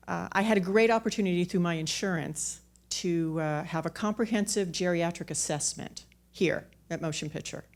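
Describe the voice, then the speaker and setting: A woman's voice: on the low side, normal speed, hardly any pauses. Candid woman telling a story on stage. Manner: candid, self-mocking, with repeated restarts. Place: theater stage.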